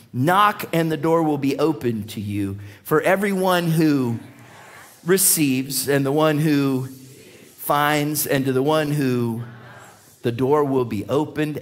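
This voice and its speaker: A male pastor delivering a sermon in a church, his voice sitting somewhat high for a man. He is animated and conversational, laughing through his stories and repeating words as he builds toward a point. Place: church sanctuary.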